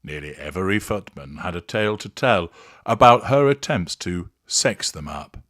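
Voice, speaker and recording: A man as host, giving scripted satirical narration in a sardonic, measured way. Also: deep voice, sing-song, fairly bright tone, no room sound, clean studio sound.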